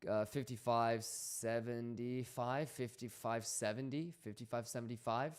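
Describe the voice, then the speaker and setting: A man's voice: mid-range voice, fairly even intonation, a little slow, smooth. A man hosting a casual trading livestream, slangy and swearing freely as he reads out chat messages.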